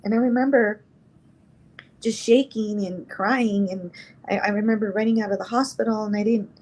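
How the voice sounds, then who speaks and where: Interview guest: woman, middle-aged, from New Mexico, medium voice, emotional and halting, acts out the dialogue in her story. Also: mid-range voice, steady tone, darkish tone, rough recording.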